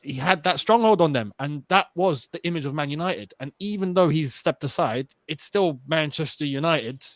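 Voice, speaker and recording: A man's voice: a little high, moderate pace, hardly any pauses, no echo. A young man co-hosting a casual football chat, emphatic and opinionated. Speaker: podcast co-host.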